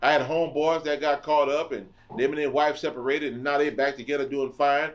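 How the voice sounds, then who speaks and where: A man's voice: a little high, fairly even intonation, fairly quick. Impassioned middle-aged man preaching bluntly. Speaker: podcast host. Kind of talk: preaching monologue.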